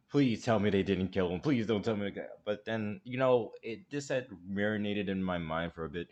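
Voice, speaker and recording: A man's voice: sits low, highs cut off. A man hosting a reaction commentary, talking in a rambling, hesitant way with emphatic restarts. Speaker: commentary host.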